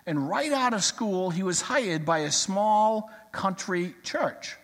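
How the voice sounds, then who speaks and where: Animated high-voiced preacher in a reverberant hall. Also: male voice, takes it slowly. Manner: folksy storyteller, animated delivery. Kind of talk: sermon with storytelling.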